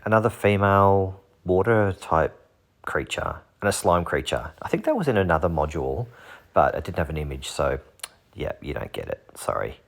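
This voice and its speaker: A man casually talking through fantasy monster art, joking and making puns along the way. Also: low voice. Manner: jokey, punning, self-deprecating. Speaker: channel host.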